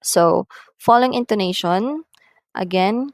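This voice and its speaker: A woman giving a recorded English lesson, explaining slowly and deliberately and reading out numbered example sentences. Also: mid-range voice, expressive, no echo, rough recording. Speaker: English teacher. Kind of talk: recorded online lecture.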